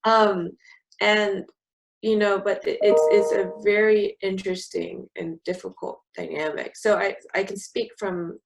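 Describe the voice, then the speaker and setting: On a laid-back podcast, a young woman from California speaks frankly and a bit sarcastically as a co-host in casual conversation. Her medium-pitched voice is level, unhurried and marked by vocal fry, with heavy background noise behind her.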